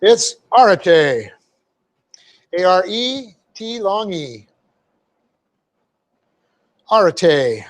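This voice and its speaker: A pastor with a high, sing-song voice preaches very slowly in a church sanctuary, leaving long pauses as he methodically teaches a Bible verse. He spells Greek words out letter by letter, using lots of fillers and frequently asking "okay?" to check in.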